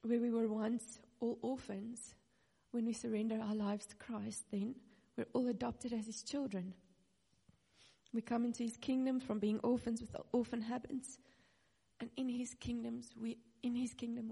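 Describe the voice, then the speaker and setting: A woman's voice: on the high side, fairly even intonation, a little slow, vocal fry, warm tone, husky. A woman in her thirties preaching a personal sermon, earnest and near tears, with nervous little laughs. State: close to tears. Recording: reverberant hall.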